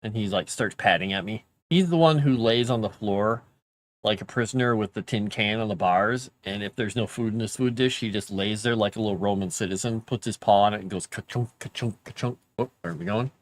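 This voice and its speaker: A middle-aged man chatting casually while writing, often talking softly to his cats. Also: fairly low pitch, brisk. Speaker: writer streaming his work.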